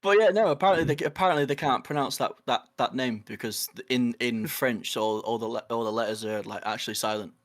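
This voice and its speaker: A man's voice: mid-range voice, fast, few pauses. A young man co-hosting a casual podcast, telling stories and laughing often. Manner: laughing, storytelling. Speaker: podcast co-host. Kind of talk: casual chat.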